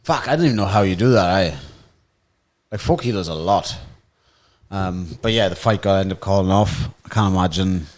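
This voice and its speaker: Man, young, low voice, casual swearing banter, podcast co-host. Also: brisk. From Wales. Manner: swears a lot, laid-back banter. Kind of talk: casual chat.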